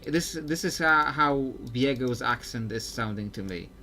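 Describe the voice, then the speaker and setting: A man's voice: medium pitch, a little slow, sharp tone. Chatty man thinking aloud while gaming. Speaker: streamer playing a video game. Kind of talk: live gameplay commentary.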